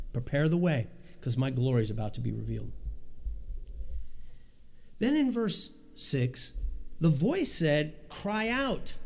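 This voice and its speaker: A man's voice: fairly high pitch, gravelly, a little mellow. A man preaching an expository sermon, reading scripture and acting out the voices of the Lord and Isaiah.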